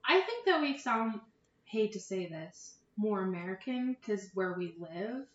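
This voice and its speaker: A Canadian woman co-hosting a casual podcast chat, blunt and quick to agree. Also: mid-range voice, expressive, roomy sound, lo-fi sound. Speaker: podcast co-host.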